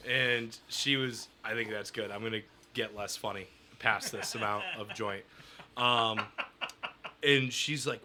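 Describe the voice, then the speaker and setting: Young New guy, very bright tone, rambling crude anecdote, podcast guest. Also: fairly low pitch, moderate pace, a little hiss or hum. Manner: crude, rambling, laughing through his story. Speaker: comedian guest. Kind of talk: casual storytelling.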